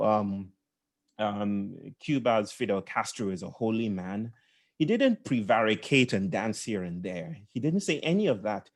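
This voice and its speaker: A man's voice: medium pitch, darkish tone. A man leading a session, telling a reflective story with repeated words, laughs and asides. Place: indoors.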